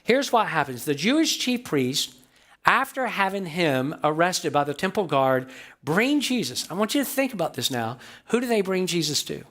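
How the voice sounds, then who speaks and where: A high-pitched man delivers a church sermon in a storytelling way. He reads a passage aloud, then turns to the congregation and keeps asking whether they are following along. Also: sing-song, moderate pace, fairly bright tone. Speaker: pastor. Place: church sanctuary.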